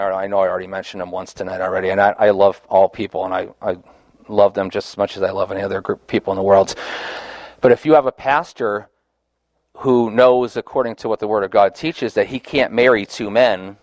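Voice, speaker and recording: A man's voice: medium pitch, darkish tone, no room sound. A man leading a Bible study discussion, earnest and conversational, often restarting his phrases.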